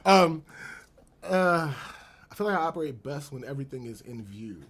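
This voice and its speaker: A man co-hosting a casual live chat show, animated and laughing often, with a slightly husky voice. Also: a little high, moderate pace, a crowd in the background. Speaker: podcast co-host.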